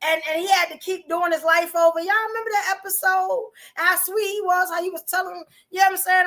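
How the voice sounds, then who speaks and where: A woman's voice: extremely high pitch, steady tone, a little fast, sharp tone. A woman hosting a livestream, chatting casually with viewers, full of rhetorical questions and fillers. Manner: chatty, addresses chat viewers directly. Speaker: podcast host.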